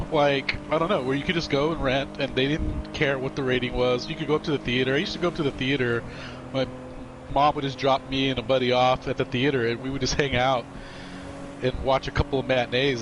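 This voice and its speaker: A man's voice: medium pitch, steady tone, fairly quick. Rambling storyteller man over game noise. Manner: rambling anecdotal storyteller, casual swearing. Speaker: gaming co-host. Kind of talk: casual chat over gameplay. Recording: game car and street sounds behind.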